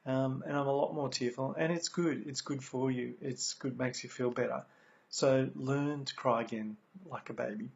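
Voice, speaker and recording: Earnest Australian man, gravelly voice. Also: mid-range voice, steady tone, moderate pace. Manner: earnest, repeats key phrases, many ums. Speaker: speaker sharing recovery lessons. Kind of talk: motivational talk. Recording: dull lo-fi recording.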